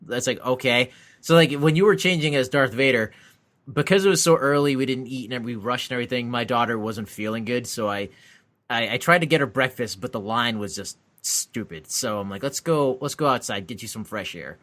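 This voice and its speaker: A man's voice: mid-range voice, fairly quick. A man co-hosting a podcast, telling a long frustrated story in casual chat, swearing freely and acting out the people he met. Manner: animated ranting storyteller, swears a lot. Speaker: podcast co-host; convention exhibitor.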